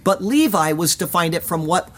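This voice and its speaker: Male Bible teacher, slightly high voice, earnest and emphatic scripture commentary. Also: lively intonation, moderate pace, a bit bright. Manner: earnest, emphatic, reads Hebrew aloud.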